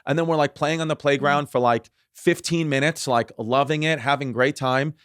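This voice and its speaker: A man's voice: a little high, steady tone, normal speed, fairly bright tone, clean tone, dry recording, studio quality. A man in his thirties hosting a comedy podcast, rambling through stories with lots of restarts and fillers. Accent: New York. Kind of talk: casual chat.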